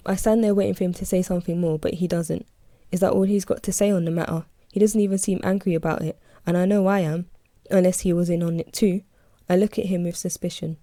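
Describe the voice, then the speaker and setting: A woman reading her own novel aloud in a calm, steady first-person audiobook narration. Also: lowish voice, a little fast, dry recording, studio quality.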